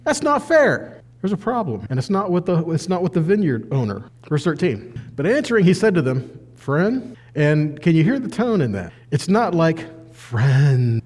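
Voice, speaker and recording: A man teaching a conversational sermon, animated and acting out the people in the story. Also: a little high, a little fast, big-room sound. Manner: animated, acts out quoted voices. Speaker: bible teacher.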